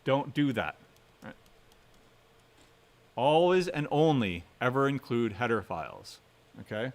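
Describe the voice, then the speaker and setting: A man giving a programming lecture while he codes live. He keeps things conversational and checks in with a quick "right?" after most points. He drives warnings home by repeating them several times. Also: medium pitch, lively intonation. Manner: conversational, often adds "right?" as a tag question; emphatic, repeats key warnings. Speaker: university instructor.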